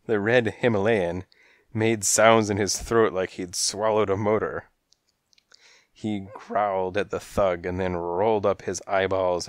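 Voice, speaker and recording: A man's voice: sits low, no room sound. A man narrating a comic detective story in the first person, wry and rhythmic, on a close mic. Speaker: audiobook narrator.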